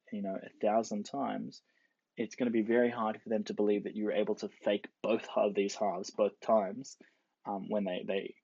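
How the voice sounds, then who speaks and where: A man's voice: lowish voice, creaky, a little mellow, slightly rough, no room sound. A man giving a casual explanatory lecture, playfully acting out the quoted characters. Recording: dull lo-fi dry recording.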